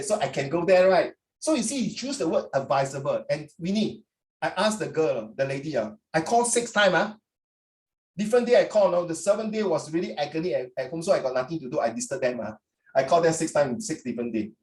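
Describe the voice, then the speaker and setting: A middle-aged man with a Singaporean English accent talks students through their essays over a video call, chatty and lively, slipping into Chinese now and then. His voice sits fairly high. The room around him is echoey. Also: brisk. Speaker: tutor. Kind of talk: online class feedback. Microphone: computer mic on a video call.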